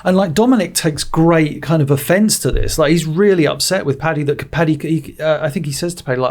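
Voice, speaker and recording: Gravelly, higher-voiced man reviewing a film. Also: a little fast, few pauses. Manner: rambling, many restarts and fillers; animated retelling of scenes. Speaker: podcast co-host. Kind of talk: casual film review chat.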